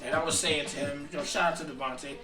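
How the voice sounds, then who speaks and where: A man co-hosting a casual chat show, animated and profane, often restarting his sentences. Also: fairly high pitch, quick pace, echoey room, recorded from a distance, over loud music. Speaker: podcast co-host.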